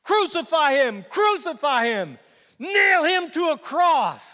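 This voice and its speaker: A furious mob of accusers, put on by a man shouts in high, strained cries. The voice is bright and piercing. It echoes through a hall with a long reverb. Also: sing-song, unhurried, full character voice.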